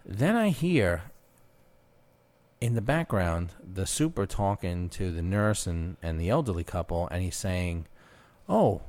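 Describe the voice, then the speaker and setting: A man's voice: low voice, lively intonation, measured pace, darkish tone. A man co-hosting a podcast, telling a wild work story in casual chat, profane and laughing as it builds. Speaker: podcast co-host.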